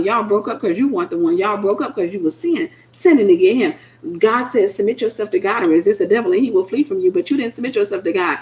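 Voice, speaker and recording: A woman's voice: medium pitch, darkish tone, slight background noise. A middle-aged woman, preaching informally to single women in a blunt, sassy way and acting out the voices she quotes. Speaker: minister speaking to single women.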